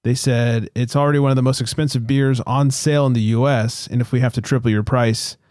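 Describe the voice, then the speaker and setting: A man's voice: medium pitch, steady tone, fairly quick, darkish tone, no room sound, clean studio sound. A man hosting a beer podcast, reading news items in a laid-back, joking way and swearing casually.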